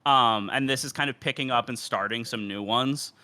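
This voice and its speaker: A man's voice: medium pitch, moderate pace, pushed and bright. A young man co-hosting a gaming podcast, rambling with lots of fillers in casual chat. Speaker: podcast co-host.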